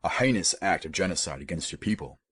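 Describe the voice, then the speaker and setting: Male narrator as a calm, soothing fatherly alien; deep, husky, dry audiobook sound. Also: fast talker, dry recording, full character voice. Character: calm fatherly alien man posing as a dad.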